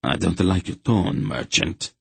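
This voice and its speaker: Man playing a gruff soldier captain, rasping, deep low voice, dry close sound, audiobook. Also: unhurried, fairly bright tone, dry recording, exaggerated voice. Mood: menacing. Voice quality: rasping, growling. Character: gruff male soldier captain, harsh and threatening.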